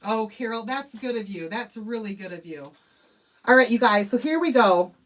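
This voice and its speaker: A woman's voice: a little high, lively intonation, normal speed, a bit bright. Chatty woman telling a story. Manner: emotional, chatty, addresses viewers as y'all. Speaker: craft livestream host. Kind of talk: chatty live tutorial with storytelling. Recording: faint background noise.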